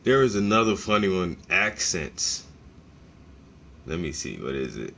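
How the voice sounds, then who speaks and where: A man chatting casually on a livestream, relaxed and slangy, talking while he paints. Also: low-pitched, a little slow, creaky, a little hiss or hum. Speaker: streamer.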